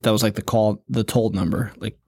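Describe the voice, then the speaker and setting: A man's voice: lowish voice, steady tone, brisk, a little mellow, slightly rough. Casting note: young male co-host, easygoing jokey banter, laughs a lot. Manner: joking, chatty, laughs often. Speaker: podcast co-host. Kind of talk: casual chat.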